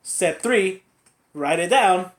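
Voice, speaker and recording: A young man chatting on a podcast, telling rambling stories and acting out other people's lines in high voices. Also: animated, slow. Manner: rambling storyteller who acts out quotes in high voices. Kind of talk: casual podcast chat. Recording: roomy echo.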